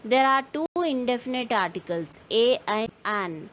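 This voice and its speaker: A woman teaching an English grammar lesson, explaining each rule in a slow, deliberate way and reading out example sentences. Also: on the high side, animated, fairly bright tone, slight background noise, low-quality recording.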